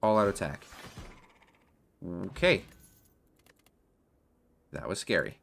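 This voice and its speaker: A man's voice: lowish voice, unhurried, long pauses, fairly bright tone. A man commentating his own card game play, muttering card names and worried asides as he goes. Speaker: gaming video host. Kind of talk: gameplay commentary.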